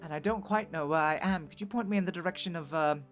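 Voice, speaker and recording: A man's voice: fairly high pitch, animated, moderate pace, a bit bright, soft background music. A man voicing a lost young boy of noble birth who stumbles flustered over his words and then puffs himself up with self-importance.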